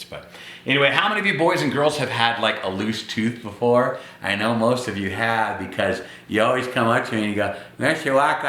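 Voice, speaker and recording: Playful male teacher reading a picture book to kids, lively swings, echoey room. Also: on the low side, slight background noise. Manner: animated, chatty, playful.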